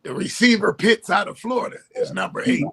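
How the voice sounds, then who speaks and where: A man's voice: high voice, expressive, brisk, vocal fry, fairly bright tone, husky. A man co-hosting a casual sports talk show, chiming in with short, wry remarks.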